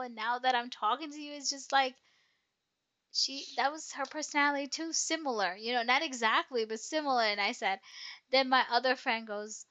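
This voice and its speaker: A young woman with a bright, fairly high voice tells a personal story in a casual chat. She rambles and circles back, full of fillers and restarts, and her feeling shows through. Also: fairly quick.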